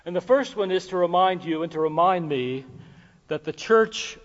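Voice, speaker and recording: A man preaching a sermon as pastor, talking casually and jokingly with filler pauses. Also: high voice. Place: church sanctuary. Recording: dull recording with long hall reverb.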